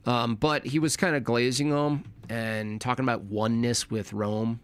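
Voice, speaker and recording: A man's voice: mid-range voice, steady tone, moderate pace, clear, resonant tone. A young man talking casually on a live stream, rambling and correcting himself, with informal slang.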